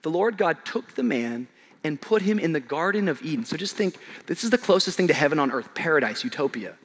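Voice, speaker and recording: High, bright-voiced preacher man. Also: expressive, fairly quick. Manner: dynamic preaching, swings from shouting highs to quiet low passages; humorous, conversational asides to the congregation. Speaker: pastor. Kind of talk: sermon. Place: church auditorium.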